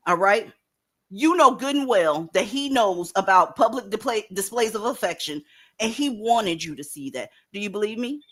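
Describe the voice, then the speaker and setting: Woman host, blunt and profane, fairly high voice, casual commentary. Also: a bit bright. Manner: blunt, profane, lectures viewers directly.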